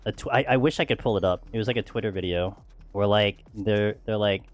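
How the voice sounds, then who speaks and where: A man's voice: medium pitch, fairly quick, soft background music. A man streaming a game, chatting casually with friends in a loose, rambling way and laughing often. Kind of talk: casual chat while gaming.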